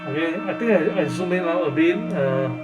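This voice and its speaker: A man's voice: a little high, animated, moderate pace. A man reading through a fantasy gamebook live, nervous and hesitant, with plenty of fillers and restarts. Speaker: gamebook reader and channel host. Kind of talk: casual live gamebook playthrough. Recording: roomy, distant mic with music behind.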